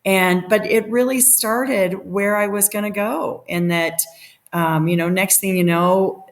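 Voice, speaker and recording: A middle-aged woman telling a story as a podcast guest, animated and laughing, acting out the quotes. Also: medium pitch, a little slow. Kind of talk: casual storytelling.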